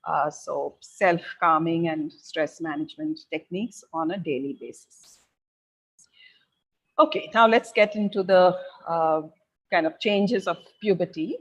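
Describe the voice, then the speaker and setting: A middle-aged woman from India, a parenting educator, walks parents through the changes their teenagers go through. Her slightly low, breathy-edged voice is calm and advisory, with frequent pauses, in a low-quality recording.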